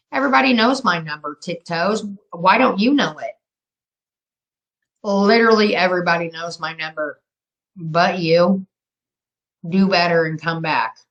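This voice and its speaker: A woman's voice: on the low side, a bit bright, poor audio. A woman in her fifties runs a live stream and talks straight to her chat. She is brash and profane and taunts her viewers. She has been drinking as she talks. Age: 50s. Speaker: livestream host.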